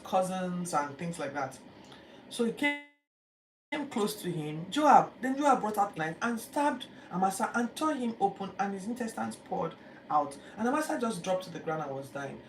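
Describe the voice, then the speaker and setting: A Bible teacher, retelling scripture in a lively, chatty way with acted-out quotes. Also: medium pitch. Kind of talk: casual Bible-reading commentary. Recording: echoey room, distant mic, background noise.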